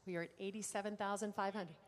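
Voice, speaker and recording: A woman auctioneer calling bids at a live car auction, brisk and playful with the bidders. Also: medium pitch, steady tone. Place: large auction room. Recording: long hall reverb.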